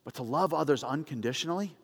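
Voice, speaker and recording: A male pastor preaching in a casual, storytelling way with animated asides. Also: on the high side, quick pace, long reverb tail. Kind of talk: sermon.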